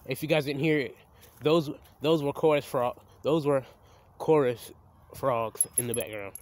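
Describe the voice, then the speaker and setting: A man's voice: mid-range voice, unhurried, darkish tone. A young man, filming a casual outdoor vlog by a creek on a handheld phone, rambling and stammering as he restarts his sentences. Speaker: vlogger. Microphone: handheld phone camera.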